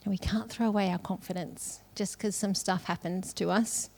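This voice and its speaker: A woman's voice: mid-range voice, steady tone, moderate pace, creaky, darkish tone. Laughing, chatty woman preaching. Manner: conversational, laughs often between phrases. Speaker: conference speaker. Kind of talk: sermon.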